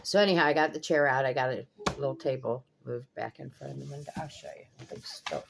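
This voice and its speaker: A woman's voice: very deep voice, brisk, creaky, heavy background noise. An older woman vlogging casually from her home kitchen, blunt and swearing freely as she rants in exasperation. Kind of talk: casual vlog chat. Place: home kitchen by pool windows.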